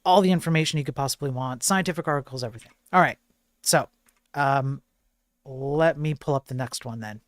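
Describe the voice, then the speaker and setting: A man with a medium-pitched voice hosts a casual live-streamed tech news show at a brisk pace. He rambles chattily, using lots of fillers and tossing jokey asides to his chat, in a dry recording.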